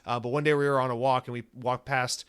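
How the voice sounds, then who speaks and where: A man's voice: medium pitch, fast talker, clean tone. A young man hosting a solo podcast, rambling and swearing as he tells stories and rants. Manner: rambling, profane, animated storytelling. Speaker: podcast host. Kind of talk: casual solo podcast rant.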